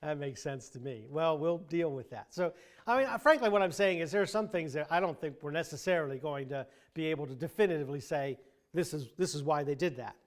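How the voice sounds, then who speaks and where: A man with a fairly high speaking voice leads a church Bible class. He talks through the passage casually, restarting sentences as he thinks. He drops in dry, wry asides along the way. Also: quick pace. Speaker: Bible teacher. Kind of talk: conversational Bible class teaching.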